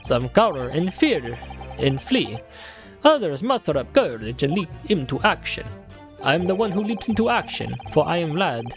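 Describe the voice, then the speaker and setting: A woman's voice: deep voice, sing-song, normal speed, soft background music. A woman voicing a pompous, scornful man who lectures about courage and brags about himself. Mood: boastful.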